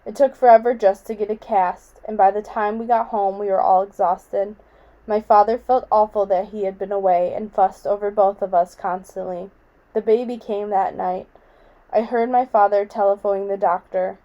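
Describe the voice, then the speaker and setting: A woman reading a novel aloud in a quiet, measured way. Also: medium pitch, fairly even intonation, dull audio. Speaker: audiobook reader.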